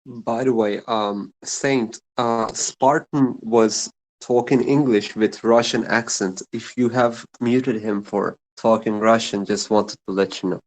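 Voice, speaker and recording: A man chatting casually in a group voice chat, laid-back and quick to laugh. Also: on the low side, fairly even intonation, poor audio. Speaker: voice chat participant. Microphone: online voice chat mic.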